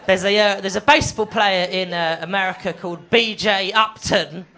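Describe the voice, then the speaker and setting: A man's voice: high-pitched, fairly even intonation, moderate pace. A man doing a live stand-up set on a comedy club stage, bantering with audience members. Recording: live club recording with crowd noise.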